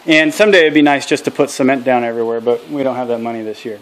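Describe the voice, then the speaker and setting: A man's voice: mid-range voice, racing, a bit bright. A man hosting a casual farm vlog outdoors, talking earnestly and candidly and dropping acronyms as he explains his mistakes. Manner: earnest and candid, drops acronyms and military jargon. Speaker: channel host. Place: outdoors at a small farm processing setup.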